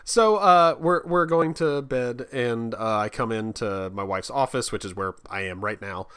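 A man's voice: medium pitch, measured pace, a bit bright, clean tone, no room sound. A man in his thirties chatting casually from a home office, a father telling family stories with frequent laughs and self-deprecating restarts. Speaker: podcast co-host. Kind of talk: casual chat.

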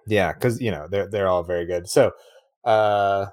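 Low-voiced rambling man, dry close sound. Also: unhurried, a little mellow, dry recording. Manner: rambling, laughs often, acts out lines in a raised voice. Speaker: podcast co-host. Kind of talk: casual chat about a movie.

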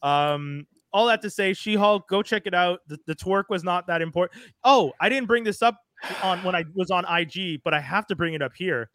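A high-pitched man with a bright, forward tone chats about comics with friends. He is animated and swears freely. The sound is close and dry. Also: normal speed, no room sound. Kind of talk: casual comic book chat.

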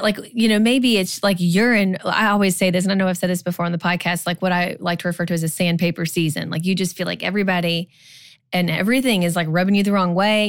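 A woman's voice: lowish voice, no room sound, clean studio sound. A woman in her forties co-hosting a podcast, giving casual marriage advice in a chatty way, full of "like" and "you know". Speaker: podcast co-host.

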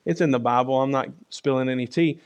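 A man preaching a sermon in a conversational way, often asking "right?" and moving between loud and soft. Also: medium pitch, quick pace, clean tone. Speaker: pastor.

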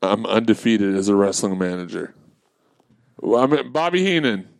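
Guy on a podcast ribbing his buddies, smooth voice, dead dry sound. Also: lowish voice, very animated, moderate pace, no echo. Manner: dry teasing banter. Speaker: podcast co-host. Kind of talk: casual podcast chat.

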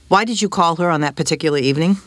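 An actor reading a prosecutor's questions to a witness in a courtroom reenactment, formal and measured. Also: male voice, fairly high pitch, a bit bright, dry recording, close to an everyday voice.

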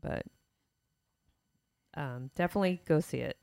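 A woman's voice: low voice, a little slow, vocal fry, warm tone, clear, resonant tone. A woman co-hosting a podcast who chats casually and answers with short, agreeable interjections. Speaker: podcast co-host. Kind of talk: casual chat.

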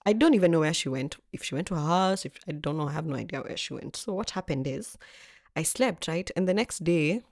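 Animated young woman telling a story. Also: low-pitched, a little fast, no room sound, studio quality. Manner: animated, expressive, swears freely. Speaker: vlogger. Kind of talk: storytelling chat.

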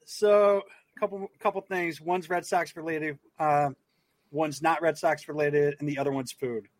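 Podcast host guy, kinda high voice, dry close mic, laid back questions. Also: fairly even intonation, unhurried, dry recording. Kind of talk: casual podcast chat.

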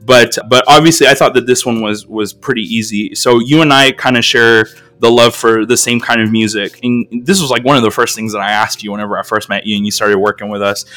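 A man's voice: fairly low pitch, bright, forceful tone. An American man hosting a podcast, talking casually in a rambling, filler-heavy, self-deprecating way. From United States. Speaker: podcast host.

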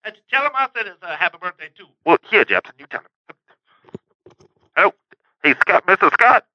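A man putting on a pompous old-fashioned gentleman for a birthday voicemail, heard over a phone line. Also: high-pitched, big pitch swings, brisk, no room sound. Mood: grandiose. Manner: theatrical, plays two characters. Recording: tinny dry phone voicemail.

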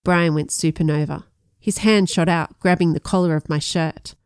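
A woman reads a first-person audiobook with a somewhat low voice. Her narration is measured, and she gives the dialogue lively delivery. The sound is dry and close, with no room echo. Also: clear, resonant tone.

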